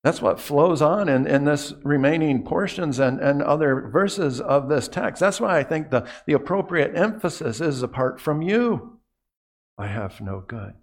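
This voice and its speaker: A man preaching a sermon as a pastor, earnest, often dropping to a hushed voice on key phrases and repeating words as he goes. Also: fairly high pitch, expressive, normal speed, few pauses.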